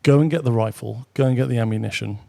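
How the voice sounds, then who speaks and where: A middle-aged British man, a guest on an interview show, telling anecdotes casually with quick asides and the odd swear. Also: mid-range voice, creaky, darkish tone. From Britain. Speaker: guest, former military pilot. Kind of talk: casual storytelling.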